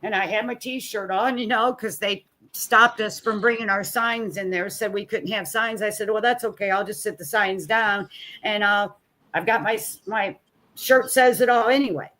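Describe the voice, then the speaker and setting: A middle-aged woman tells her own story in a candid, folksy way, speaking as a grieving mother. She replays each exchange by giving both sides of it, and her voice falls low and quiet at the hardest parts. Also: moderate pace. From Missouri. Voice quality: plain-spoken, folksy. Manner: re-enacts both sides of conversations, voice sinking low and soft at painful moments. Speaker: guest, mother of a missing son.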